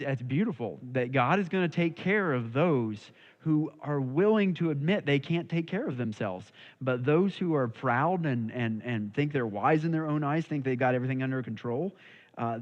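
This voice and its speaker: Male Bible study leader, chatty and conversational, mid-pitched voice, dull lo-fi recording. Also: expressive, moderate pace. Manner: conversational, checks in with listeners. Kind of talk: casual church Bible study teaching.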